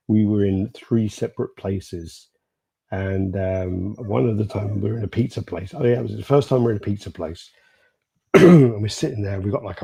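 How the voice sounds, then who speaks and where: A man's voice: lowish voice, mellow, slightly rough. A man co-hosting a podcast, telling rambling stories in casual chat, swearing freely and laughing often. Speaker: podcast co-host.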